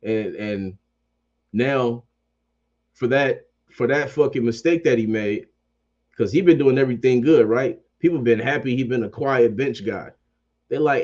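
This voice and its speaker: A man's voice: mid-range voice, measured pace, darkish tone, highs cut off. A man ranting about sports as a fan commentator. He swears constantly, repeats phrases, and keeps up a heated, profane energy.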